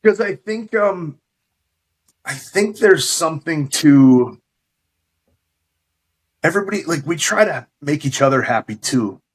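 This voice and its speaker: A middle-aged man, a podcast guest, recalling his career in a relaxed, thoughtful way with small hesitations. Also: fairly high pitch, a little slow, pauses often, poor audio. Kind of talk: casual interview chat.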